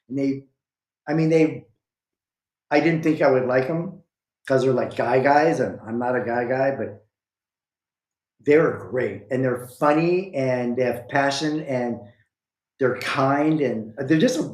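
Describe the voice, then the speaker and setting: A man telling a long story in a casual chat, rambling with restarts and acting out quoted lines with big jumps in pitch. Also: slow, reverberant, low-quality recording. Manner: animated, acts out quoted lines with a jumping pitch.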